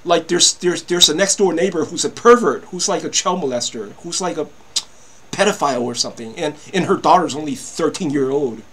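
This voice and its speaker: A man's voice: a little high, fairly quick, fairly bright tone, breathy edge. A man in his fifties ranting to camera, agitated and repetitive, stammering through restarts and swearing freely. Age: 50s. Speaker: vlogger.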